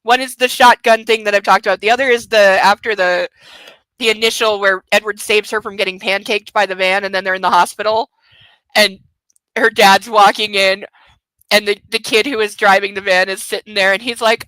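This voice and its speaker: A woman's voice: mid-range voice, fairly even intonation, normal speed, sharp tone, no room sound, low-quality recording. A woman hosting a book club podcast, giving sarcastic, ranting commentary on a novel.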